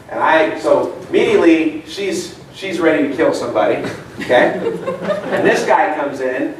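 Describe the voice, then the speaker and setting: In a meeting room, a chatty seminar speaker gives a live talk to an audience, spinning casual anecdotes and tossing questions to the room. His voice is a touch high and sits some distance from the mic. A big, echoey room and faint hiss surround every word.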